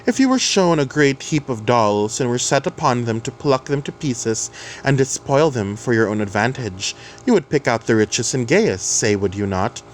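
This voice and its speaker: A man voicing a cold, composed French woman who knits constantly and speaks with quiet menace. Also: medium pitch, big pitch swings, normal speed, slight background noise, close to an everyday voice, low-quality recording.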